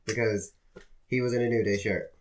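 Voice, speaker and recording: A man's voice: on the low side, steady tone, moderate pace. A man co-hosting a podcast, recapping shows in casual chat with dry running commentary and a lot of swearing. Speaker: podcast co-host.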